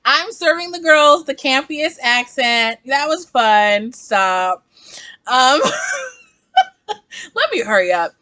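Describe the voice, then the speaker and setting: A woman hosting a casual reaction video, chatty and sassy. Her voice is high and bright, and her pitch leaps around with animated energy. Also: takes it slowly, pauses often. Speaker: book reviewer and reaction host.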